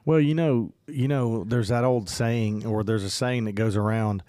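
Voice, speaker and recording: Rambling man, low and dry. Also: normal speed, dark tone, no room sound. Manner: rambling, many fillers and restarts. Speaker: podcast co-host. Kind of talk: casual podcast chat.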